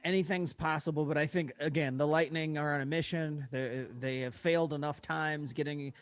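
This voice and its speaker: A man's voice: fairly high pitch, steady tone, normal speed, no room sound. A man giving casual, fan-minded sports analysis on a podcast, often restarting his words. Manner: eager fan, stammers on restarts. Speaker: podcast co-host.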